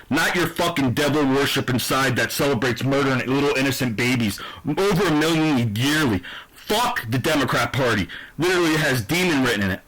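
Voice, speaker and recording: Husky, animated ranting man from New Jersey. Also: medium pitch, low-quality recording. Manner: profane, aggressive, heated ranting. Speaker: YouTube sports channel host. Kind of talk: ranting sports picks monologue.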